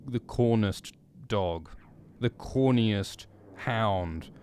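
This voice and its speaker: A man's voice: lowish voice, dark tone, a little hiss or hum. A man putting on a solemn, grandiose carny. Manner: slow, portentous proclamations. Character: grandiose male carnival worker, solemn oracle. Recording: music playing underneath. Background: music.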